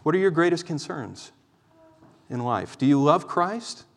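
Impassioned high-voiced preacher in a reverberant hall. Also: male voice, very animated, measured pace. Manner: impassioned, pleading, swings from loud exhortation to quiet explanation. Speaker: pastor. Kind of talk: sermon. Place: church. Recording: long reverb of a church hall.

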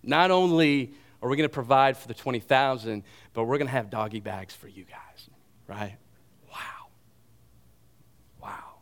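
A pastor preaching a sermon to his congregation, retelling the story in an animated way and mixing in humor and asides. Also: medium pitch, normal speed.

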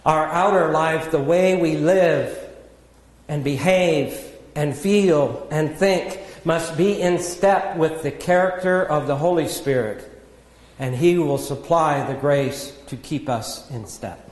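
Unhurried preacher man in echoing hall. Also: fairly high pitch. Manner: measured, earnest teaching with self-deprecating asides. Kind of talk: sermon. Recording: echoey hall with long reverb.

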